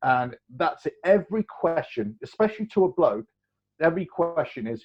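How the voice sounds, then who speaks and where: A man, telling stories as a guest in a casual chat, animated and rambling, laughing often. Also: on the high side, normal speed, breathy edge. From England. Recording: dull lo-fi recording.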